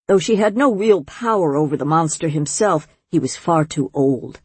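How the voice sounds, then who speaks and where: A woman narrating a storybook at a slow, measured pace. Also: low-pitched, expressive, a little mellow, slightly rough, no echo. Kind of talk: storybook reading.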